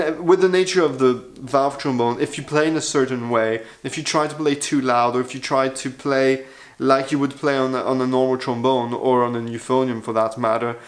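A man talking through a casual video review as a trombone player, chatty, frank and self-deprecating. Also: mid-range voice.

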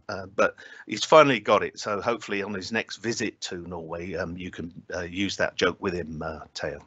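Low-voiced man giving a hesitant academic talk. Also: brisk, pushed and bright, slightly rough, no echo, highs cut off. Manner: hesitant, many filler sounds and restarts, dry humour. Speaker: invited speaker at a scientific symposium.

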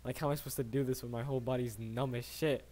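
A man's voice: medium pitch, steady tone, racing, warm tone, slight background noise. A young man in his late teens telling a casual story, rambling and slangy, swearing often and tagging his sentences with "right?".

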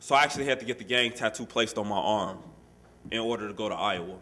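A man's voice: on the low side, fast talker. A man telling a personal story to an audience in a casual, street-style way, full of "you know" and "man", acting out the voices in it. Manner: animated, acts out quoted voices. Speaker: speaker sharing his life story at a workshop.

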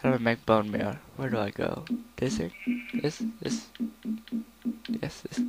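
A man's voice: mid-range voice, lively intonation, measured pace, creaky. Young male let's player, casual rambling commentary, faint noise in the recording. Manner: rambling, breaks into song snippets.

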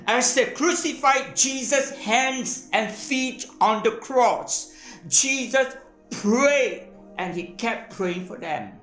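Slow, measured woman preaching. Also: on the high side, fairly bright tone, echoey room, soft background music. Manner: slow, measured delivery in short phrases. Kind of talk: sermon with live interpretation.

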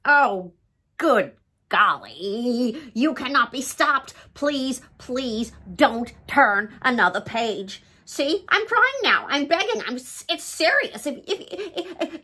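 A woman's voice: a little high, big pitch swings, slow, bright, forceful tone, husky. A woman reading a picture book aloud in a dramatic, pleading, playful way, as the host of a storytime channel.

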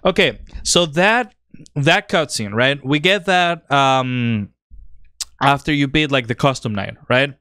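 Male streamer, excited and rambling, clear voice, dry close mic. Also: medium pitch, slow pace, no echo. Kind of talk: live-stream commentary.

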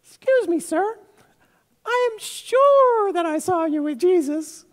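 A man voicing a timid young slave girl, politely insistent, in a high squeaky falsetto. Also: lively intonation, takes it slowly, full character voice. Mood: prying. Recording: reverberant church hall.

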